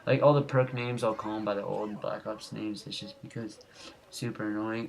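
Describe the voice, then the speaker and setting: Recorded at home with faint noise behind him, a young man hosting a gaming channel gives goofy, rambling commentary over his gameplay and keeps getting sidetracked. He speaks at a normal speed in a lowish voice, with flat delivery and vocal fry.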